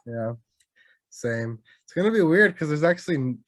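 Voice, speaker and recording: A young man co-hosting a gaming podcast, excitable, slangy and casual with swearing. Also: fairly high pitch, normal speed, no echo. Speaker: podcast co-host. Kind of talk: casual chat.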